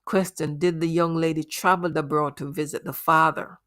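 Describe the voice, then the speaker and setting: A woman's voice: sits low, steady tone, normal speed, a bit bright. A woman hosting a commentary on a news case, speaking earnestly and morally to parents in the audience. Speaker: host.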